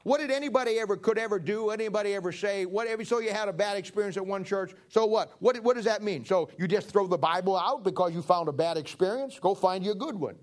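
A man's voice: sits high, fast talker, few pauses. A man preaching a sermon in a folksy, joking way, acting out little everyday scenes. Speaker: pastor.

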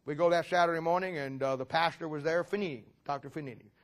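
A middle-aged male pastor telling stories from his own ministry during a sermon, building toward loud impassioned preaching. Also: fairly high pitch, fast talker.

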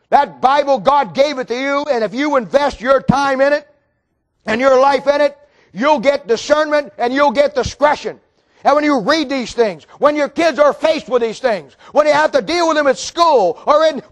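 A man with a very high voice preaches with mocking, sarcastic asides. He swings into fervent shouting at the congregation. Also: moderate pace. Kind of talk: sermon.

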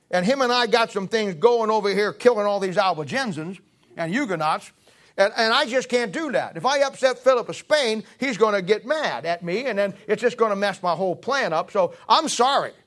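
A man voicing a scheming pope who makes slow, folksy excuses. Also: high voice, animated, fairly bright tone. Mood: apologetic. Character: scheming adult male pope, apologetic.

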